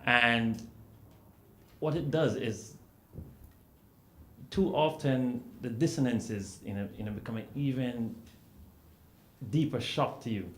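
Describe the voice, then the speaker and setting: A man from Jamaica with a Jamaican accent, telling anecdotes as a panelist, animated and full of "you know" fillers. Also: medium pitch, slow, pauses often. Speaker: panelist author. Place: event hall at a book festival panel. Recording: roomy hall sound with faint noise.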